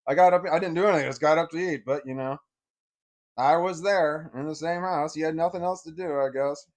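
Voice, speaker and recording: A man's voice: fairly high pitch, a little fast. A man telling a personal story in a casual, rambling way, full of fillers and repeating himself.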